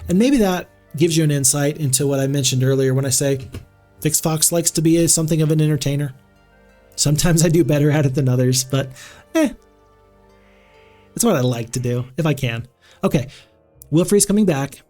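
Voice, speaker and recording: A male streamer talking through a strategy game in relaxed, neutral speech. He rambles and restarts his sentences often, his voice a bit high. Faint music plays underneath. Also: fairly quick, pauses often. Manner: chatty, rambling, many restarts. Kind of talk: casual live-stream commentary.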